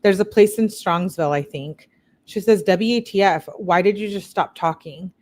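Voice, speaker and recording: Woman reading text msgs out loud, middle pitch, blunt little asides in between. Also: moderate pace. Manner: reads quotes in a slightly raised voice, blunt asides. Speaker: true-crime commentator. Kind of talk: reading text messages aloud with commentary.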